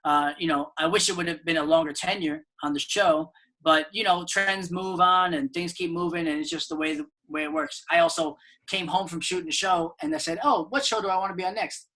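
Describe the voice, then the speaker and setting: A man who is a comedian guest, chatting casually in an upbeat, joking way and telling animated stories. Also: a little high, fairly quick. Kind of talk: casual interview chat.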